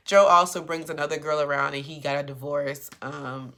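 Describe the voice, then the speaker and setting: A woman with a low voice gives a chatty, sassy recap of a TV episode. She speaks with features and jumps into the characters' lines with lots of attitude. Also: moderate pace, background noise. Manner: chatty and animated, acts out characters' lines with sass. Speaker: TV recap commentator.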